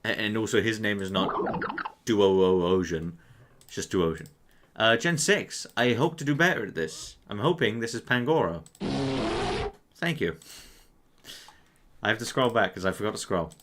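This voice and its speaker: Here the quiz player's voice sits on the lower side and has a sing-song lilt, moving at normal speed with long pauses. He's a young man at his computer, musing out loud in a laid-back, self-deprecating way and swearing plenty. Mouse clicks are clearly audible over some background noise.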